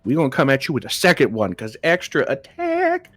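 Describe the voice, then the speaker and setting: Lively, joking man playing a tabletop game. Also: fairly high pitch, brisk, no room sound, faint music behind. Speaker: player. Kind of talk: casual tabletop play.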